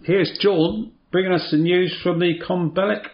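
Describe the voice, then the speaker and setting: A chatty man, hosting a laid-back local football round-up on the radio. His voice sits a little high and rings in a roomy studio, with a slightly dull sound. He fills gaps with easy ums and uhs. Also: normal speed. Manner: chatty, relaxed, many filler ums and uhs. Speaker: radio sports show host. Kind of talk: casual local radio sports chat.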